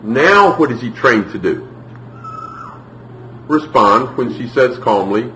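A man's voice: medium pitch, takes it slowly. A man preaching a sermon, telling stories and acting out the voices of the people in them. His voice reaches the mic from a distance, ringing around a reverberant room. A faint hum of room ambience sits behind him. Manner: animated storytelling, acts out quotes. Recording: echoey room, from far off.

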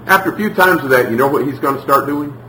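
A man's voice: medium pitch, quick pace, slight background noise. Preacher man echoing from far off. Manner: animated storytelling, acts out quotes. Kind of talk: sermon. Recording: echoey room, from far off.

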